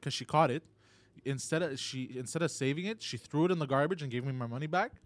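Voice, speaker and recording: A man's voice: medium pitch, fast talker, no echo. A man on a casual podcast, telling a story at length and peppering it with "you know" and "bro". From Montreal area.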